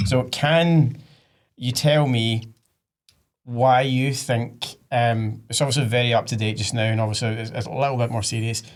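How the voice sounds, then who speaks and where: A man's voice: mid-range voice, fairly even intonation, moderate pace. A man co-hosting a podcast in casual chat, steering topics with dry teasing humor. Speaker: podcast co-host.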